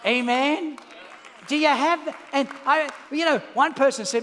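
A man's voice: very high-pitched, unhurried, a bit bright, in a large hall, a faint crowd. A man with an Australian accent preaching a televised sermon as pastor, calling for amens and joking at his own expense. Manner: preaching with call-and-response and self-mocking jokes.

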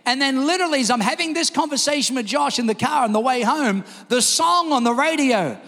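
A man preaching a sermon, telling a story with energy and shouting the quoted lines. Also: extremely high pitch, lively intonation, brisk. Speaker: pastor. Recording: long hall reverb.

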